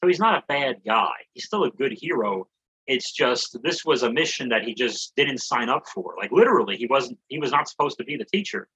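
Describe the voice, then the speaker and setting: A man's voice: medium pitch, expressive, a little fast, sharp tone, husky, muffled recording. A man co-hosting a comedy podcast, recapping a movie in a rambling, joking way with some swearing. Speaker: podcast co-host. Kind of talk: casual comedy podcast chat.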